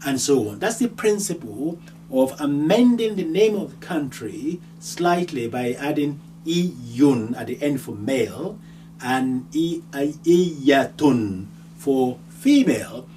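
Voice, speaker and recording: A man's voice: mid-range voice, animated, slow pace, mellow. A man teaching a grammar lesson step by step, patiently repeating each word and ending, with a faint hum behind him. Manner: patient, repeats words and endings many times. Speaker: language teacher. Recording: distant mic, faint hum.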